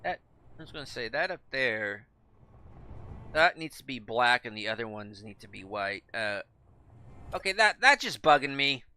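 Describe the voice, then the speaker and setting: Male gaming commentator, bright and crisp tone, casual, rambling with fillers. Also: mid-range voice, big pitch swings, moderate pace, long pauses. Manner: rambling, thinks aloud with many fillers and restarts. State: speaking with his mouth full. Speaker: gaming video creator.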